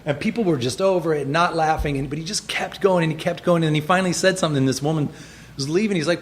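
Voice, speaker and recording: Man, podcast guest, casual chat, storytelling, fairly high voice, laughing asides. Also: fast, fairly bright tone, slight background noise.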